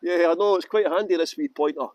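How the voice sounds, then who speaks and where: Chatty man, high voice. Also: quick pace, darkish tone, no echo, highs cut off. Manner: chatty, jokey, breaks into song and silly voices. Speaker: tour guide. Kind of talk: live-streamed walking tour chat. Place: outdoors by a river in the rain.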